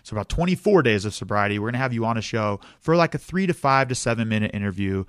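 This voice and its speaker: A man's voice: fairly low pitch, expressive, quick pace, fairly bright tone, clear, resonant tone, no room sound, clean studio sound. A man hosting a podcast in a casual interview chat, upbeat and often addressing his guest by name. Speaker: podcast host.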